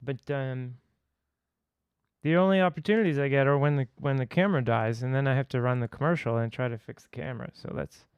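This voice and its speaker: A man's voice: mid-range voice, brisk, clear, resonant tone, no room sound, lo-fi sound. A man hosting a casual livestream, chatting and joking with viewers between clips. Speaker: host reacting to a voice lesson.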